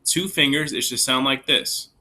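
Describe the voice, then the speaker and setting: A man's voice: medium pitch, normal speed, background noise. A man teaching young children a recorder lesson, patient and encouraging, counting the beats aloud with them. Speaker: elementary music teacher. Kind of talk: recorded online music lesson.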